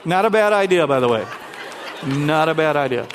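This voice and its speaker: A man pastor preaching a lively sermon, talking directly to his congregation. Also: a little high, moderate pace, a faint crowd, slight background noise.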